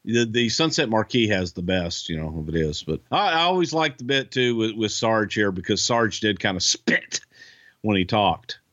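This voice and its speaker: A man's voice: lowish voice, expressive, normal speed, fairly bright tone, dry recording, muffled recording. A man co-hosting a casual podcast chat, blunt, swearing freely, with lots of fillers and restarts. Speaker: podcast co-host, wrestling insider.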